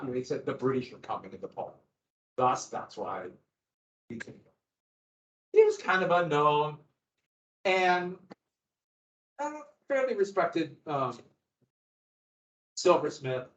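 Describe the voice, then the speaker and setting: A man teaching a history class, lecturing in an animated way with asides and acted-out quotes. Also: on the high side. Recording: roomy, dull lo-fi classroom recording.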